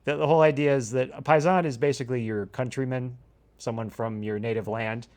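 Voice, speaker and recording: A man's voice: mid-range voice, steady tone, a little fast, darkish tone. A man co-hosting a podcast in casual chat, giggly and playful as he coaches his co-host's pronunciation. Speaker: podcast co-host.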